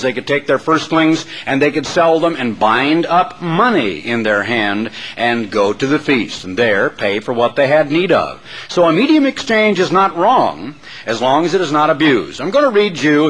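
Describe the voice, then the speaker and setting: Animated preaching man. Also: mid-range voice, poor audio. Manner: animated, storytelling. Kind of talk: sermon.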